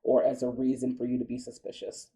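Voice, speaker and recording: An American man telling a story as a guest in a studio interview, animated and chatty with many fillers. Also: mid-range voice, fast. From United States.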